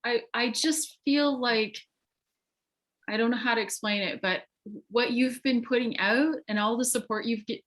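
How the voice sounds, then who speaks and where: A woman's voice: a little high, a bit bright. A woman co-hosting a video call, emotional and encouraging toward the guest. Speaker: co-host. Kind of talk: casual chat on a video call.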